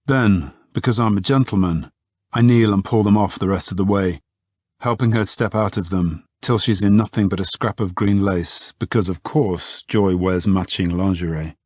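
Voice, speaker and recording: A man narrating a romance novel in the first person. His voice is deep and husky, and his delivery is close and unhurried. The recording is dry, with no room sound. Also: darkish tone, no echo. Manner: intimate, unhurried storytelling. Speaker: audiobook narrator.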